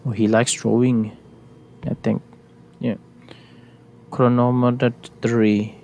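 A man's voice: mid-range voice, steady tone, a little slow, creaky, pauses often, a little mellow, slight background noise. A young man giving let's play commentary, jittery and repeating words in nervous runs. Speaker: gameplay streamer.

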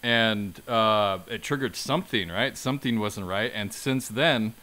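Low-voiced man summarizing a film. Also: a little slow, bright, forceful tone. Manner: easygoing, summarizes with many fillers. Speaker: podcast host. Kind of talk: casual film discussion.

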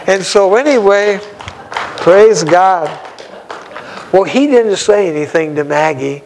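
A man's voice: sits high, slow pace, long pauses, darkish tone, slight background noise, poor audio. A man, an evangelist, telling a story in a sermon in a folksy, exclamatory way with frequent chuckles.

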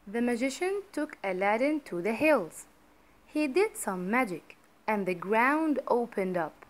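A woman storyteller reading a children's story aloud for learners, clearly and expressively. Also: a little high, expressive, a little slow.

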